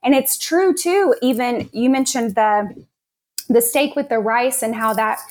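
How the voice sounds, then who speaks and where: A woman naturopath as an interview guest, explaining health topics in a steady, informative way. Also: a little high, unhurried.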